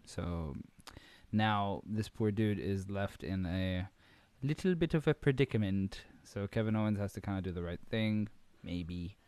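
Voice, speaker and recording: Low-voiced man in a casual wrestling recap. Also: expressive, a little slow, darkish tone, clear, resonant tone, dry recording. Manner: swears freely, rambling with fillers and impressions. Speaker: podcast host.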